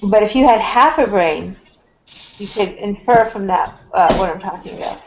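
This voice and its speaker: A woman's voice: medium pitch, moderate pace, a little hiss or hum. A woman hosting a casual voice chat, blunt and teasing with the others. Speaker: host. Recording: dull lo-fi online voice chat.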